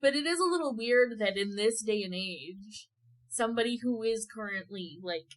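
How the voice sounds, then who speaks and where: A woman's voice: mid-range voice, lively intonation, normal speed, poor audio. A woman co-hosting a casual podcast chat, chatty and blunt, laughing often and swearing. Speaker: podcast co-host.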